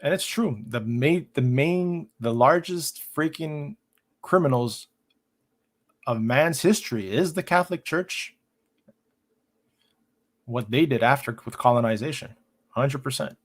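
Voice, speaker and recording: A man's voice: mid-range voice, lively intonation, unhurried, long pauses. Rambling man chatting to viewers. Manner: rambling, conversational, talks to viewers, repeats words. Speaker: streamer host. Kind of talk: casual chat and reading aloud.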